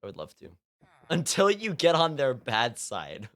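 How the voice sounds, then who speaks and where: In a medium, slightly bright voice with wildly swooping pitch, a young man from California speaks unhurriedly as he streams a game. His casual chat rambles, packed with fillers and frequent laughs.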